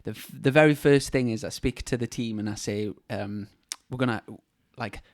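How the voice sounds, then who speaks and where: A man hosting a podcast, telling racing stories in a relaxed, chatty way. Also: lowish voice, fairly quick. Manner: storytelling with restarts and laughs. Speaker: motorbike racer, podcast host. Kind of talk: casual chat.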